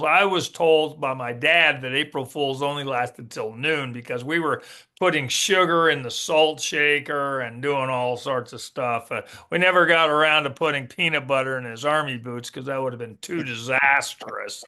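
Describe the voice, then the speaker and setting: Bright, upbeat male podcast co-host. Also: fairly high pitch. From Texas. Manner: upbeat, enthusiastic, repeats words. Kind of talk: casual chat.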